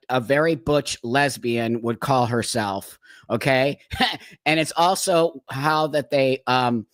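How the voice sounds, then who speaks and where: A man's voice: mid-range voice, clean tone, dry recording. A man hosting a live stream in casual, frank talk to viewers, laughing often and checking in with them. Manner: chatty, laughs often, keeps checking in with "okay?"; frank, emphatic.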